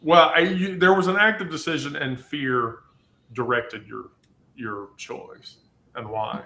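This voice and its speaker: Male podcast host, bright tone, meandering casual talk, echoey room. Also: on the high side, steady tone, a little slow, gravelly, slight background noise. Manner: rambling, many ums and you-knows. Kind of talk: casual chat.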